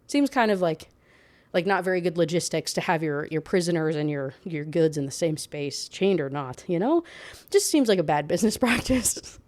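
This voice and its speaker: A woman's voice: fairly low pitch, lively intonation, moderate pace, darkish tone. A young woman giving a casual, ranting book review, summing up the plot in a sarcastic, exasperated way with lots of fillers.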